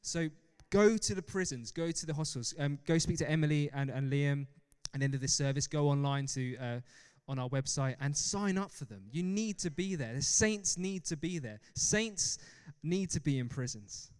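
A young man preaching a sermon with an animated, joking manner, often laughing at himself. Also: fairly high pitch, moderate pace, few pauses, clear, resonant tone. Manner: animated, laughs often, self-deprecating asides. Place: church hall. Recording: long reverb of a large hall.

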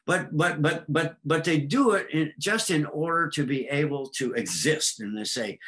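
A man's voice: fairly high pitch, lively intonation, moderate pace, few pauses, fairly bright tone, low-quality recording. A man speaking as an astrology guest in casual talk, rambling with frequent ums and acting out voices in his stories. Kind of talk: casual explanatory conversation.

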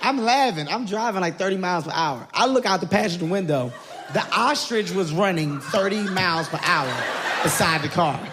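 A man telling an animated comedy story on stage, laughing through it. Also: sits high, normal speed. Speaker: stand-up comedian. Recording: live crowd and background noise. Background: audience laughter.

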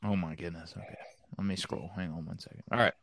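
A man's voice: deep voice, fairly even intonation, fast, gravelly, fairly bright tone, no room sound, clean studio sound. A man hosting a casual chat from home over a video call, rambling and hesitant, with many fillers. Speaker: host.

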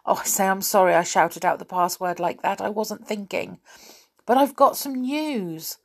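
A woman reading a children's story aloud, voicing an eager schoolboy in a raised, excited, slightly husky voice. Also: mid-range voice, moderate pace. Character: eager schoolboy telling his news.

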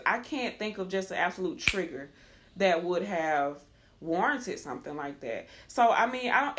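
Animated woman telling a story. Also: medium pitch, a little hiss or hum. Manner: animated, laughs often, acts out quoted dialogue; talks quickly at times, with restarts. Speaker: podcast co-host. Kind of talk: casual storytelling chat.

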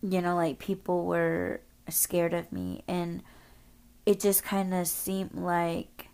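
A woman's voice: on the low side, flat delivery, slow pace, a little mellow, clear, resonant tone. A woman podcast host telling a story casually, rambling, swearing often and using lots of filler words.

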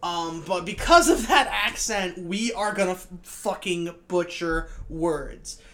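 Male podcast co-host with a high, girlish-sounding voice; rambling, self-mocking, foul-mouthed. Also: expressive, takes it slowly, a bit bright. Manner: rambling, self-deprecating, swears freely. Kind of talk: casual podcast chat.

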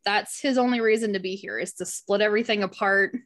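A woman's voice: medium pitch, steady tone, fast, fairly bright tone. A woman leading a casual Bible study, reading passages aloud and talking about them in an earnest, heartfelt way. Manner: earnest and heartfelt, chatty with frequent "like".

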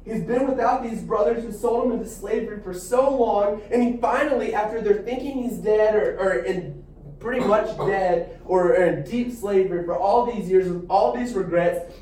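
Young guy teaching bible class, high mellow voice, echoey room, mic kinda far off. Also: moderate pace. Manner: animated, acts out quotes with restarts and asides.

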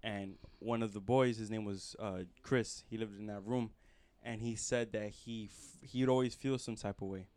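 A man in casual chat, calmly recounting the history of his family home. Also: lowish voice, normal speed, hardly any pauses, clear, resonant tone.

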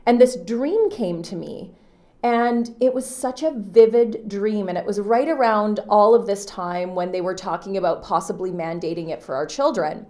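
A woman in her thirties hosting a podcast, talking earnestly and from the heart about a personal experience, often pausing on "you know" and restarting her sentences. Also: medium pitch, dark tone. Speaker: podcast host. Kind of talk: personal reflective monologue.

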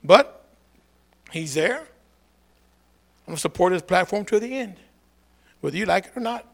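A man preaching a lively call-and-response sermon, swinging from low asides to shouted calls for a response. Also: unhurried, gravelly.

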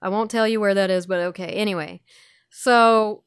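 A woman's voice: mid-range voice, steady tone, moderate pace, clean tone, no echo, studio quality. A woman guesting on a podcast, telling her own story in a chatty, self-mocking way with lots of fillers. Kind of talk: candid recovery podcast talk.

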